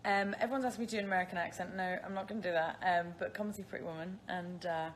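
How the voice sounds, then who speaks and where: Rapid-fire and lowish in pitch with fairly even intonation, her British-accented voice belongs to a woman in her twenties from the Isle of Man. She's on a casual phone livestream, answering viewers' questions and laughing at herself often.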